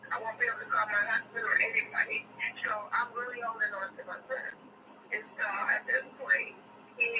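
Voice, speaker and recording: Woman retelling a story, distant noisy mic. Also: fairly high pitch. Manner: emphatic, repeats phrases, many fillers. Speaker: interview guest. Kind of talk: retelling a personal experience.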